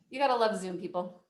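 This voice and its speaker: A woman moderating a video call workshop, reading out audience questions in a friendly, chatty, sometimes apologetic way. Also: mid-range voice. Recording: roomy video call audio.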